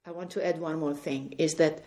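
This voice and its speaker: Woman, spiritual testimony, earnest and gentle, warm mellow tone, slightly low voice. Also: steady tone, moderate pace. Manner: earnest, gently recounting conversations. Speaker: religious speaker. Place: indoors at home.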